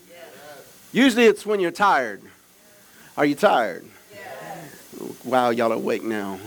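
A man pastor preaching an energetic sermon with call-and-response, swinging from shouts to quiet asides. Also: mid-range voice, slow pace, pauses often, rough recording. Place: church service with children present.

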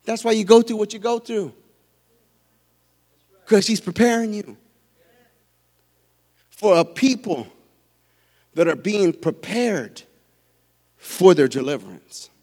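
A male preacher giving a fervent sermon, swinging from quiet asides to shouted peaks. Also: high voice, lively intonation, takes it slowly, pauses often, long reverb tail.

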